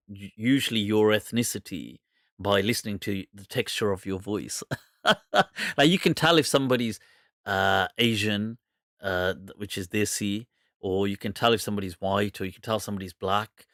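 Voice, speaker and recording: A man's voice: lowish voice, moderate pace, a bit bright, no echo, clean studio sound. A British man hosting a live question-and-answer show, chatting loosely with frequent laughter and rambling asides, with an accent that is hard to place. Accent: mixed British English, hard to place. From England. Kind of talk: casual live Q&A chat.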